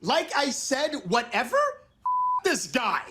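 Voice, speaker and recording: A hotheaded brawler, high and wild. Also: male voice, wildly swooping pitch, slow, exaggerated voice. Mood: agitated. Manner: shouty, sputtering, cursing. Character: hotheaded man spoiling for a bar fight. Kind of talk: comedy sketch acting.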